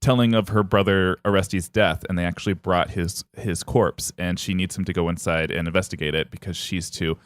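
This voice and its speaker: A man's voice: low-pitched, clear, resonant tone, no room sound. A man hosting a podcast, retelling a myth in a comedic chat and briefly acting out the characters. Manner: animated, acts out characters in quick bits.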